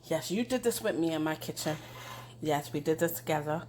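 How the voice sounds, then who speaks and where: A woman's voice: sits low, expressive, a little fast, heavy background noise. An older woman hosting a casual cooking show in her home kitchen, chatty and homey, sending blessings to her viewers.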